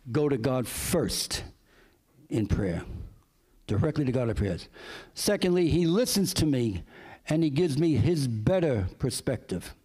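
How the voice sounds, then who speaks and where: A man preaching a sermon, earnest and emphatic, repeating his key phrases as he tells personal stories. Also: medium pitch. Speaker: pastor. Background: soft guitar music.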